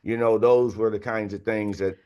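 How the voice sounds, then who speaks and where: A sixty-something guest author tells candid podcast anecdotes in a loose, filler-laden, conversational manner. His voice is on the low side, warm and smooth, with a steady tone and moderate pace, though the sound is lo-fi.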